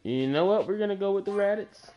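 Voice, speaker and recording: A man's voice: sits high, animated, fast talker, warm tone. Swearing, teasing male gaming host. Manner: crude, teasing, swears a lot. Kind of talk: casual gaming chat with friend. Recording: dull lo-fi capture with faint noise.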